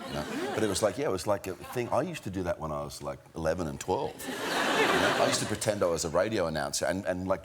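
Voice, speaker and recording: A middle-aged man telling an amused anecdote as a guest on a chat show, laughing through it. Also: low-pitched. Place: TV studio with a live audience. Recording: loud audience and studio noise.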